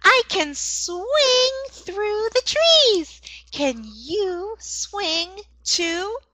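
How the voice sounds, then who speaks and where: A woman voicing a playful show-off monkey in a children's storybook, in a very high squealing voice. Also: expressive, drawn-out words, bright, forceful tone, exaggerated voice.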